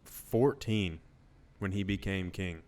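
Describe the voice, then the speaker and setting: A young man co-hosting a podcast in relaxed casual chat, laughing along and asking questions. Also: sits low, slow pace. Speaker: podcast co-host.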